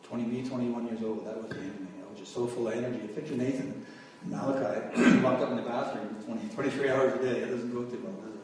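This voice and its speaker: Male preacher telling his story from the pulpit, mid-pitched, caught by a distant mic in a very echoey hall. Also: steady tone, fast talker, few pauses, darkish tone, slight background noise. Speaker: preacher giving testimony. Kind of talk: testimony sermon.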